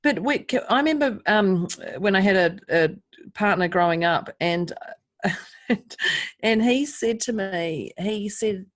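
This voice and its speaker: A woman's voice: medium pitch, expressive, slow pace. A woman co-hosting a podcast, telling stories frankly and with animation in casual chat. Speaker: podcast co-host.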